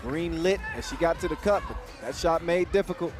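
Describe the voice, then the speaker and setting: A man calling a basketball game live, quick and jokey, with excited bursts on big plays. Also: on the high side. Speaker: play-by-play commentator. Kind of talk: live sports commentary. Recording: commentary over loud arena music and crowd.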